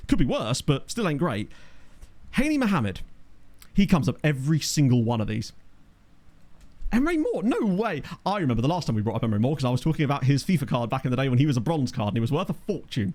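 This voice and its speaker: A man's voice: mid-range voice, very animated, fast, darkish tone. A man talking casually as a let's play host, chatting and thinking aloud while he answers viewer questions from his home office on a desktop condenser mic. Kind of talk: casual gameplay commentary reading chat. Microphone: desktop USB condenser mic.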